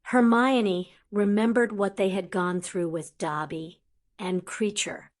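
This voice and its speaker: Unhurried woman audiobook narrator. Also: mid-range voice, fairly even intonation. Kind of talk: scripted narration.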